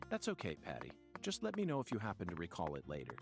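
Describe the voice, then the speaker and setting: A man's voice: wildly swooping pitch, fast, vocal fry, over music, heavily acted. An actor voicing an eccentric male agent who muses aloud in an oddly formal way in a video game. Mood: musing. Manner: musing, oddly formal, leaps in pitch. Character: eccentric male FBI agent, musing and theatrical.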